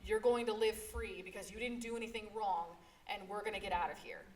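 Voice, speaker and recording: A woman voicing a young girl who gently reassures her baby brother in a retold comic scene. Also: mid-range voice, fairly even intonation, a little fast, far from the mic, natural voice. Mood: soothing. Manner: soft, reassuring.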